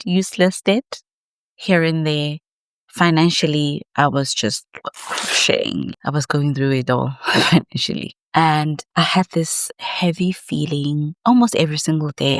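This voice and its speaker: A woman's voice: low-pitched, no room sound, clean studio sound. A woman in her thirties talking to camera in a reflective late-night vlog, personal and emphatic. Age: 30s. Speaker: vlogger.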